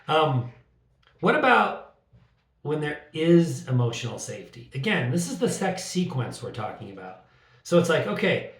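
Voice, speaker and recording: A middle-aged man with a gravelly, fairly high voice talks with animated, sarcastic humor. He sits a little back from the mic, and the room gives his voice a roomy echo. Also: distant mic. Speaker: podcast co-host. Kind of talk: casual conversation.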